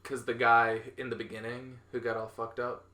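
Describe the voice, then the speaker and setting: A man's voice: mid-range voice, level tone, normal speed, pushed and bright. A young man co-hosting a podcast, casually recapping a comic book plot in a rambling, storytelling way with plenty of laughs. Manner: rambling storyteller, acts out quotes, laughs often. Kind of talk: casual chat. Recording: echoey room.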